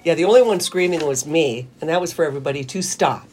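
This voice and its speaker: A woman's voice: sits low, fast, a little mellow, a little hiss or hum. A woman co-hosting a radio talk show, chatting casually, teasing and laughing often. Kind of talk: casual on-air banter.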